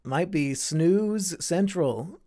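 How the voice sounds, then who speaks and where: A man's voice: sits high, animated, extremely slow, dark tone. A young man from Iowa hosting a casual live stream, reading and answering chat with sardonic, profane banter.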